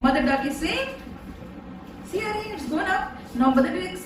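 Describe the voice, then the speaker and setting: Lively, high-voiced mother teaching toddler. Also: normal speed, long pauses. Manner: patient, repetitive explaining with rising checks. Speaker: mother teaching her daughter. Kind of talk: home science lesson for a toddler. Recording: echoey room, distant mic, background noise.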